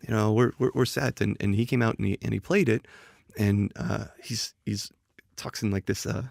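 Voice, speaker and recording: A man's voice: lowish voice, steady tone, normal speed, creaky, darkish tone, dry recording, clean studio sound. A man, a game designer guest on a podcast, telling a story animatedly, often restarting and acting out quoted dialogue. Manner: often restarts and repeats words. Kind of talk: casual podcast chat.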